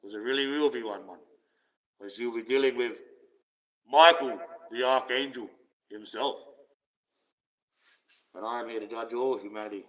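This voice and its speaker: A man rants casually on his livestream. He is profane and sarcastic, and he swings between loud outbursts and low mutters. His voice has a middle pitch, and the audio is dull and lo-fi. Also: fairly even intonation, normal speed, long pauses. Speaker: livestream host.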